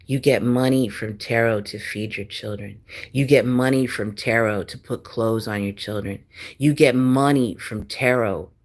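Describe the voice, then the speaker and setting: A woman, ranting profanely and taunting someone on a livestream, swinging between loud and soft. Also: very deep voice. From Texas. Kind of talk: angry livestream rant.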